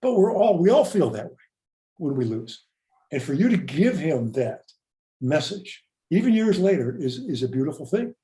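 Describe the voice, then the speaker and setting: A man's voice: on the high side, very animated, moderate pace, warm tone, roomy sound. An older man hosting a podcast, reflecting earnestly and often repeating words as he speaks. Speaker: podcast host. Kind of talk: reflective interview talk.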